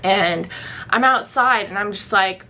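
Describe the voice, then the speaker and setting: Bright-voiced young woman telling a story. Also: mid-range voice, unhurried, slight background noise. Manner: chatty, fills speech with "like", acts out her own past reactions. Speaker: vlogger. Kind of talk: casual storytelling to camera.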